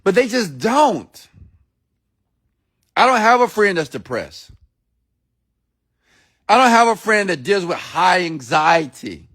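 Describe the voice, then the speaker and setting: A man delivers a motivational message in a sermon-like style, pitched noticeably high for a man. He talks bluntly, swears without hesitation, and fires questions straight at his listeners. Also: very animated, slow pace, pauses often, fairly bright tone. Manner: blunt and preachy, repeats himself for emphasis, swears freely; addresses listeners directly with questions. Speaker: motivational speaker.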